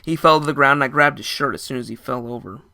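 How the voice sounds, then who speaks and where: A man's voice: medium pitch, fast, vocal fry, pushed and bright. A young man narrating a first-person story in a casual, dramatic way. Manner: casual, dramatic, with short laughs.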